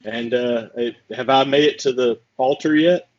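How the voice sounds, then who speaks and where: A man's voice: mid-range voice, steady tone, moderate pace, darkish tone. A man playing a character in a tabletop game, matter-of-fact and casual. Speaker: player. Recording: dull lo-fi sound.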